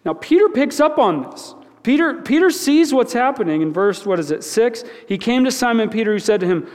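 A man's voice: very high voice, expressive, fairly quick, hardly any pauses, darkish tone. A man preaching a conversational sermon in a church, talking informally, repeating words and asking the listeners questions. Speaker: pastor. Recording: long reverb of a large hall.

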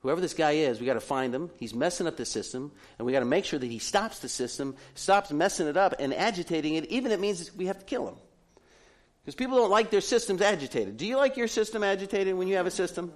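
A man's voice: high-pitched, quick pace. A middle-aged man preaching a sermon to a congregation, telling stories with humorous asides. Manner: animated storytelling with humorous asides. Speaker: pastor.

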